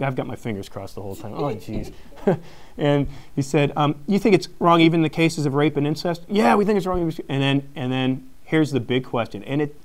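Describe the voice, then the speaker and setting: A man giving a live talk to an audience, a teacher telling a story with plenty of energy. He acts out the voices in his story and laughs often. His voice sits at an ordinary middle pitch. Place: live conference session.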